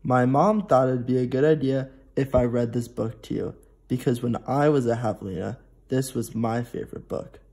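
A teenage boy reading a picture book aloud to preschool children, gently and slowly. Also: medium pitch, fairly even intonation, slightly rough. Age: teens. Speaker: storybook reader.

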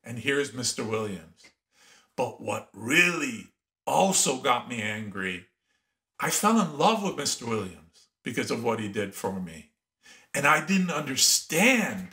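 A middle-aged man from Iran, a podcast guest telling stories from his life in an animated, emphatic way. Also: mid-range voice, unhurried. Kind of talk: storytelling in an interview.

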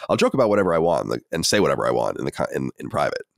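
A man co-hosting a podcast, telling stories in quick, blunt casual chat. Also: very deep voice, very animated, creaky, no room sound, clean studio sound. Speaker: podcast co-host.

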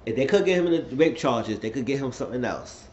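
A man giving a rambling, excitable casual recap of a TV episode. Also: medium pitch, fast. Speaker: TV episode reviewer. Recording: slightly dull lo-fi recording, faint noise.

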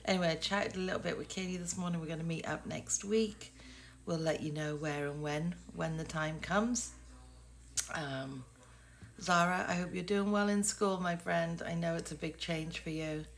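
A woman's voice: fairly low pitch, fairly even intonation, moderate pace, creaky. An English woman in her sixties, chatting casually and rambling in a self-deprecating way to her vlog camera. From England. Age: 60s. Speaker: vlogger.

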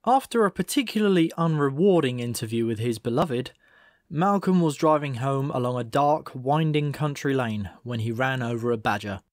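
A man reading a comic novel aloud as audiobook narrator, in a measured, dry storytelling manner. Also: mid-range voice, animated, dry recording. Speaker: audiobook reader. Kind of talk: scripted narration.

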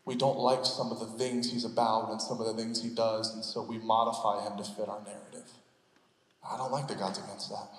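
A man's voice: a little high, roomy sound, long reverb tail. A man preaching a sermon as a pastor. He asks the congregation rhetorical questions and builds in passion as he goes. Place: church sanctuary.

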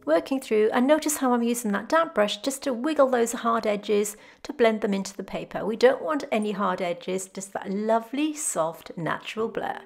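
A woman calmly teaching a botanical watercolour tutorial step by step, speaking in a gentle, unhurried way. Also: on the high side, vocal fry. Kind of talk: calm step-by-step painting tutorial. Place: home studio with glass roof.

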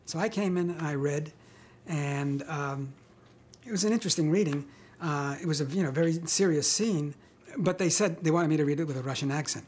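An older man being interviewed about his acting career, telling wry, self-mocking stories with pauses and chuckles. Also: on the high side, a little mellow, husky. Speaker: interviewee, actor. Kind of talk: relaxed interview storytelling.

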